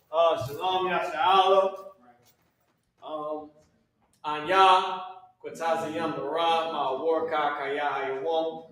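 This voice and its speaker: A man's voice: fairly high pitch, little pitch movement, slow, long pauses, fairly bright tone. Give me a man teaching a class in a casual, slangy way, recorded far off in a very echoey room. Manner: casual, repeats and restarts, slangy.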